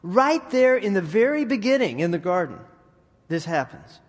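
A man preaching in a conversational, animated style with frequent restarts and asides. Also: sits high, moderate pace. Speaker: preacher and middle school teacher. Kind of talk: sermon. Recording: long hall reverb.

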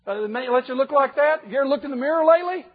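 A preacher putting on a sneering, mocking devil. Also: male voice, very high-pitched, racing, big-room sound, phone-quality sound, voice pushed up. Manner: jeering rhetorical questions. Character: taunting male devil, mocking and scornful.

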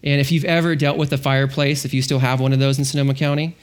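A man's voice: medium pitch, little pitch movement, fast. A middle-aged male pastor preaching a sermon, telling the story animatedly and acting out the characters.

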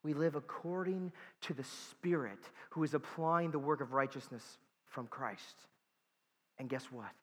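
A man's voice: a little high, unhurried, husky, in a large hall. A man preaching a sermon as pastor, earnest and emphatic, repeating key words for weight and dropping in casual asides.

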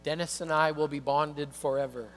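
A man preaching a sermon as pastor, telling a story in an animated way that swings from hushed to excited. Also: fairly high pitch, normal speed, faint music behind.

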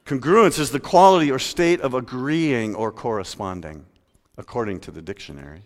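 A male pastor preaching a sermon, talking conversationally and swinging between loud emphasis and quiet asides. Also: medium pitch, expressive, moderate pace. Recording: long hall reverb.

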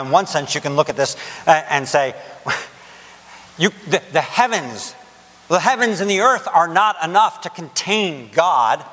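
Male preacher, slightly high voice, emphatic sermon delivery, reverberant hall sound. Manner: animated, voices God's words with emphasis. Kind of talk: sermon on scripture.

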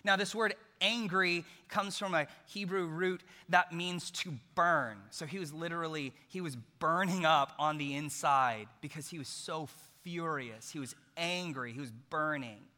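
A man preaching a sermon, retelling a story in an animated, jokey way. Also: on the high side, unhurried, few pauses. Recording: long hall reverb.

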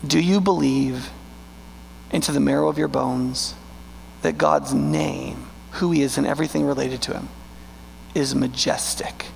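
A man preaching a sermon as pastor in a church, emphatic and full of rhetorical questions, slowing down to stress key words. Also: medium pitch, fairly even intonation, vocal fry. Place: church sanctuary. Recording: long hall reverb with faint mains hum.

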